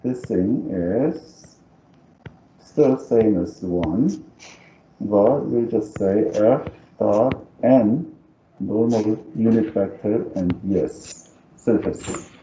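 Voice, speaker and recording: Speaking very slowly in a mellow, lowish voice, a math teacher with a non-native English accent thinks aloud through a live calculus lecture and coaxes students to agree with him. The lo-fi recording is roomy and dull, with slight background noise.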